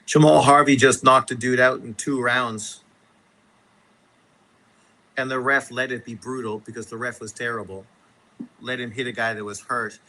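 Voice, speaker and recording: Male live-stream host, mid-pitched, forceful bright voice, swearing his way through a casual rant. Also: flat delivery, normal speed, long pauses, poor audio. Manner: profane, exasperated ranting. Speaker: boxing show host.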